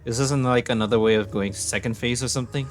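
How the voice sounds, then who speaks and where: A man reacting to a game, excitable, exclaiming and swearing as he plays. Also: medium pitch, fast talker, faint music behind.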